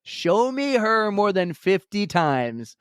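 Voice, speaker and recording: A man co-hosting a running podcast in casual chat, telling animated stories and mimicking others. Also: takes it slowly, clean tone, no room sound, clean studio sound. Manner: animated storyteller, mimics others in high voices. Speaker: podcast co-host.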